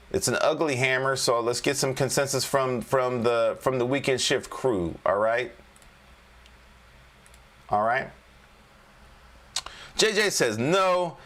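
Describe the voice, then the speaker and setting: A man's voice: mid-range voice, a bit bright. A man hosting a casual trading livestream as a coach, talking loosely and repeating himself while coaxing viewers to answer in the chat. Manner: loose and repetitive, coaxing the chat with "all right?". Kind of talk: casual live-stream market commentary.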